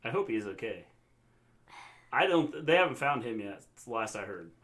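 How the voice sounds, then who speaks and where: A man's voice: mid-range voice, very animated, moderate pace, fairly bright tone. A man co-hosting a show in casual chat, easygoing and joking. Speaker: co-host of a wrestling recap show.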